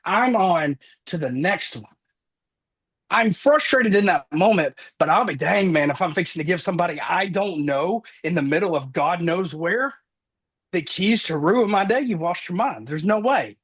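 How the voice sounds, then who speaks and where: A man giving a fervent motivational talk, slowing down and rising for emphasis. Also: sits high, expressive, slightly rough. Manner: fervent, preacher-like, swings loud and slow for emphasis. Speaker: top-producing insurance agent, guest.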